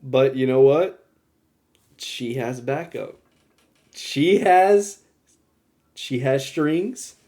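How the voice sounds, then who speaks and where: A young man co-hosting a podcast with a voice of ordinary pitch. He talks with lively energy, curses casually, and jumps into loud, fired-up rants. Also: drawn-out words, long pauses. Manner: animated, swears freely, flares into loud outbursts. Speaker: podcast co-host. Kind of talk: casual chat.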